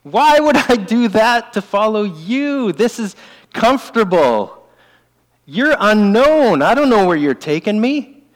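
A male preacher voicing an incredulous modern man who balks at leaving his comfortable life, speaking high and drawn out. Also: big pitch swings, takes it slowly, heavily acted.

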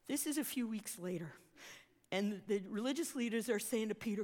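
Woman preacher, high voice, animated sermon storytelling, long hall reverb. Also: fairly quick.

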